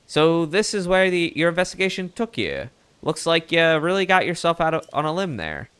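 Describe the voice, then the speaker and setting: A man voicing an eager male bird news reporter with a put-on Mid-Atlantic accent, brisk and folksy. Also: a little high, very animated, fairly bright tone, clean tone, voice pushed up. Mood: chummy. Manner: brisk, folksy, keeps saying partner.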